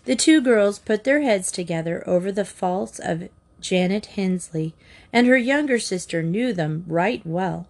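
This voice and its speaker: Woman, audiobook narrator, slow, measured, expressive, children's story. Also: mid-range voice.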